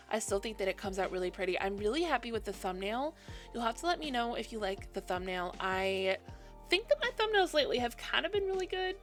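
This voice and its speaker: A woman's voice: medium pitch, gravelly, a bit bright. A woman casually narrating a game build in a chatty, self-deprecating voice-over, sleepy and yawning, laughing often.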